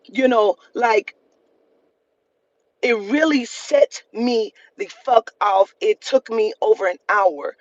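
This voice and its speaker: A vlogger with a fairly high voice speaks slowly, straight to camera, in a heated, profane storytime rant, repeating lines to hammer her points home. The recording is close and dry with no room sound, and the top end is slightly dull.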